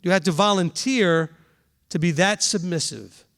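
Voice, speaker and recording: A man's voice: high-pitched, unhurried, a bit bright. A man teaching a congregation in a conversational sermon style, often restarting phrases and acting out quoted voices.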